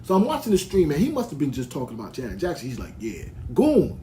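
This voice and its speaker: A man's voice: a little high, huge pitch swings, very fast, warm tone, a little hiss or hum. A man from Brooklyn, hosting a podcast in a heated, rambling rant full of restarts. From United States (Brooklyn). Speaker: podcast host. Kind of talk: ranting monologue.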